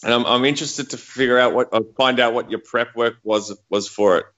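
Podcast host guy, bright forceful voice, asks stuff casually, lo-fi muffled audio. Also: medium pitch, fairly even intonation, fairly quick. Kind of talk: casual interview questions.

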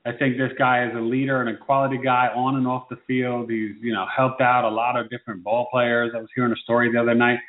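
A man co-hosting a casual sports chat, animated and teasing, quick to exclaim. His voice comes through thin and phone-like. It also rings in a roomy, echoey space. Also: medium pitch. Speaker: sports talk show co-host. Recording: phone-like tinny echoey sound.

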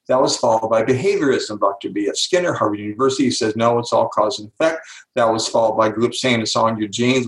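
An older man, a guest author, explaining ideas in an interview and acting out the voices of the people in his stories with emphasis. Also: medium pitch. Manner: emphatic, animated, acts out quoted lines. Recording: echoey room.

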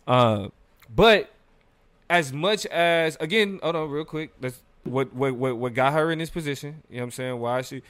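A man co-hosts a casual live discussion, rambling with fillers and quick laughs. His voice is smooth and clear, and the sound is dry and close with no room around it. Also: a little high, no echo. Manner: loose and animated, frequent fillers, laughs while talking. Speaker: podcast co-host.

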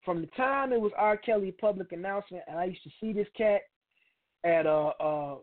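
A man's voice: high voice, fairly quick. Blunt profane man on a tinny line. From Chicago, United States. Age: middle-aged. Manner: blunt, profane, street slang. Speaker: radio show host. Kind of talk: opinionated monologue.

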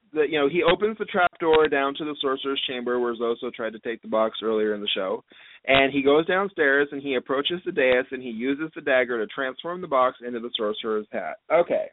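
A man co-hosting a fan podcast, retelling a TV episode in a chatty, joking way. His voice sits at an ordinary pitch but comes through thin and phone-like, with a faint hiss behind it. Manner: chatty, recaps at length with playful asides. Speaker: podcast co-host recapping an episode. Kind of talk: casual podcast chat.

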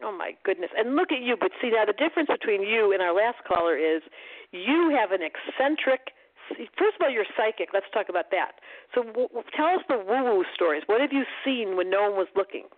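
A woman's voice: medium pitch, lively intonation, brisk. A woman astrologer giving call-in readings on the radio, playful and emphatic, joking with callers. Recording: phone-like narrow band.

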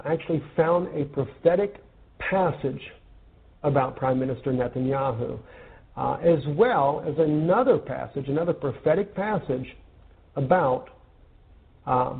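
A man's voice: mid-range voice, gravelly. A man from the United States reading news articles aloud and commenting on them in an earnest, conversational way. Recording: tinny phone-like audio.

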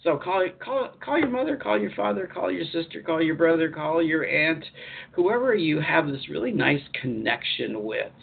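Gravelly man on a phone-like line. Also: on the high side, normal speed. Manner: chatty, repetitive, lively emphasis, chuckles. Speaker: spiritual life coach. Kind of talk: live online talk show.

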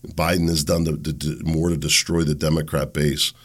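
A man's voice: extremely low pitch, little pitch movement, normal speed, husky. A man hosting a solo political talk show, blunt and sarcastic, rambling with restarts.

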